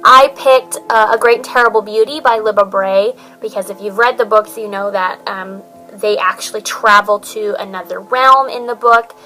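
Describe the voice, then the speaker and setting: A woman's voice: medium pitch, steady tone, moderate pace, few pauses, pushed and bright, faint music behind, low-quality recording. A woman chatting through a book tag video in a put-on, jokey mixed accent, rambling and poking fun at herself. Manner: rambling, chatty, self-mocking. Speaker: book vlogger. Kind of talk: casual book tag chat.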